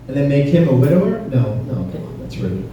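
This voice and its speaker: Stand-up comic, male, mellow slightly high voice, heard from across a very roomy club. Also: very animated, brisk. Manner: conversational, crowd-teasing, punchy delivery. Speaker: stand-up comedian. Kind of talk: stand-up comedy set. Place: comedy club stage. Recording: roomy, distant club recording with faint noise.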